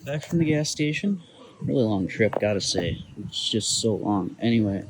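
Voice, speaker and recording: A man's voice: lowish voice, big pitch swings, normal speed, background noise. A man with a Midwestern accent talks casually through work on his car, thinking aloud and joking in a dry, self-mocking way. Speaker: car restoration vlogger. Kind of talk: casual garage vlog. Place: home garage and driveway, outdoors.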